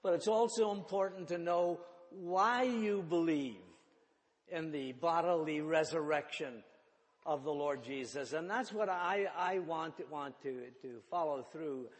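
A man preaching a sermon, halting and repeating words as he thinks aloud. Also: fairly high pitch. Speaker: pastor. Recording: reverberant church hall.

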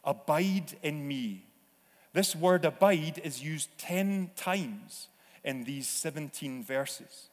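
Male pastor, slightly high voice, unhurried preaching, church reverb. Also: expressive. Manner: slow, deliberate preaching with acted-out voices. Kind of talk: sermon. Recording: long reverb of a church hall.

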